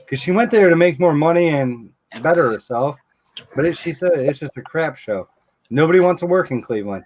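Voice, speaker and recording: A man's voice: a little high, brisk, background noise. A man casually telling a long story, acting out the people he quotes and swearing now and then. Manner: animated storyteller who acts out quoted dialogue, swears casually.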